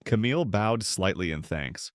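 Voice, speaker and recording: A man narrating a scripted story in a steady, even storytelling manner. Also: fairly low pitch, moderate pace, dry recording, clean studio sound.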